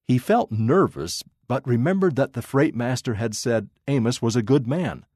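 A man narrating a children's story aloud with expressive, dramatic pacing. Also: mid-range voice, normal speed, breathy edge, no echo, studio quality.

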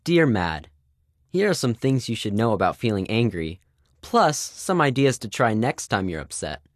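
A man's voice: on the low side, very animated, moderate pace, no room sound. A man reads a children's advice column aloud, reassuring and instructive in tone. His intonation moves a lot, and the recording is dry and close. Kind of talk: scripted reading of a kids' advice column.

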